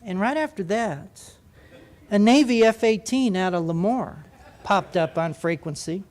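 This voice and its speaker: A man, a former pilot, telling a humorous story with lively, animated delivery. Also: high voice, moderate pace. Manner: lively, animated, comic timing.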